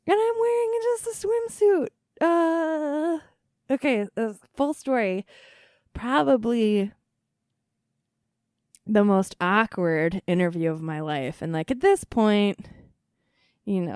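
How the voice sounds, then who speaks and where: Slow-talking laid-back woman in her thirties. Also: lowish voice, a little mellow, clean tone, no echo, clean studio sound. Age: 30s. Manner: laughing, chatty, self-deprecating with lots of fillers. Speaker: podcast host. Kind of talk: casual chat.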